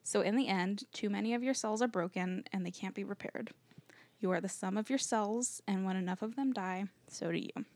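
A woman's voice: medium pitch, a little fast, a little mellow, no echo. Woman reading out researched notes. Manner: earnest, uses "like" when chatting. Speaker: podcast co-host.

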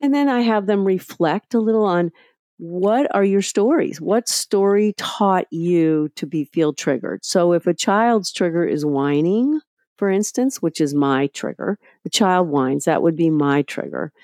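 A middle-aged woman speaking as a guest in an interview, telling candid, animated stories about parenting. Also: on the low side, unhurried, no room sound, studio quality. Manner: candid and animated, acting out past scenes. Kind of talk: casual storytelling in a podcast interview.

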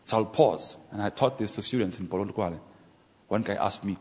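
A man preaching a sermon, telling stories and acting out conversations in an animated way. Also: fairly low pitch. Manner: animated, acts out dialogue with pauses and exclamations. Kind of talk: sermon storytelling. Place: church. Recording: echoey church hall.

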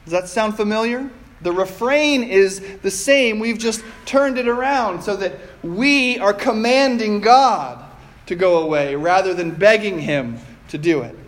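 Man, pastor, sermon, measured delivery, rhetorical questions, unhurried pace. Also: high-pitched.

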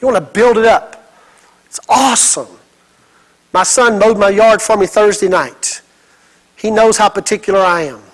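High-voiced animated male pastor. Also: normal speed, long pauses, rough recording. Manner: animated storytelling with acted quotes. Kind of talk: sermon.

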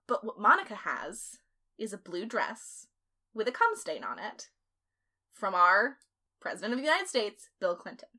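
A woman podcast host recounts events in a chatty, blunt way, full of fillers and occasional swearing, as a casual storytelling chat. Her medium-pitched voice is sing-song, pushed, and bright, at a moderate pace.

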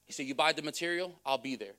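A man's voice: fairly high pitch, fast talker, bright, forceful tone. A man preaching a sermon, a pastor who tells a story in a conversational way, repeating words and checking in with the crowd. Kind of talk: sermon with testimony.

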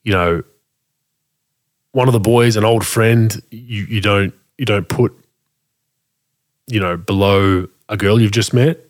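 A man with a fairly low voice tells a story in a loose, casual way. He gets animated and keeps restarting his sentences. He acts out the back-and-forth of the dialogue as he goes. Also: takes it slowly, pauses often.

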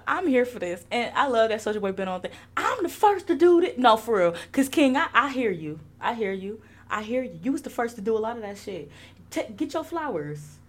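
A young woman hosting a podcast, chatting casually with lots of laughter and swearing. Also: on the high side. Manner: animated, laughing, profane. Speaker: podcast host.

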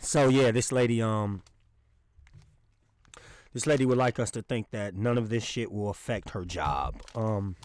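A man's voice: medium pitch, no room sound, poor audio. A young man hosting a solo podcast, ranting with indignant sarcasm, swearing often and laughing as he goes. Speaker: podcast host.

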